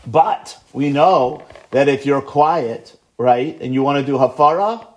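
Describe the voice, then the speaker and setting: A man teaching a Talmud lesson, slowly chanting Aramaic phrases and then explaining them quickly in English, checking in with "right?" and "okay?". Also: mid-range voice, darkish tone. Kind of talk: Talmud study lecture.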